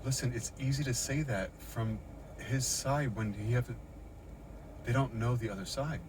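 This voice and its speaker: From inside a car parked in a parking lot, a shaken middle-aged vlogger records an agitated first-person account of an encounter on his phone, with swearing and repetition. He talks a little slowly in a mid-range voice, and there's background noise.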